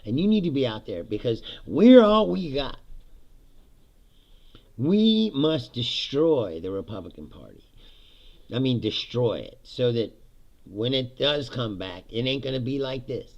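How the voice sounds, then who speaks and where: In a muffled recording, a man with a mid-range, unhurried voice hosts his own podcast from a home basement studio. He rants casually about politics, animated and profane, swearing freely and laughing often between lines.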